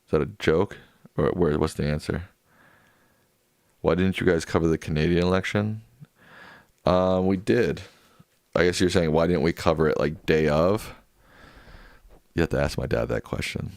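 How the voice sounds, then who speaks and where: A man's voice: sits low, normal speed, creaky, pauses often, a little mellow, no echo, studio quality. A man hosting a livestream after-show, casually reading viewer comments aloud and answering them offhand. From United States. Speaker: livestream host reading chat. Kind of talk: casual chat.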